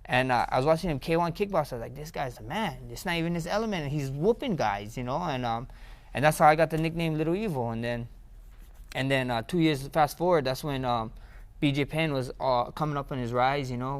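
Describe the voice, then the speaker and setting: A young man with a mid-range voice tells stories from his past in a casual interview. He talks loosely, repeats his words and trips over his phrasing, and he often jumps up in pitch and volume when he gets excited. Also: a little fast, clear, resonant tone. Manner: rambling, repeats words, grows excited and loud. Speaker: interview guest, fighter.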